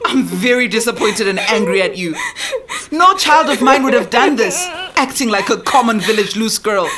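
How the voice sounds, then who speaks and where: A woman playing a proud, stern mother who scolds her pregnant daughter with sharp, theatrical wailing. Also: high voice, animated, normal speed, crowd noise. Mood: wailing scolding.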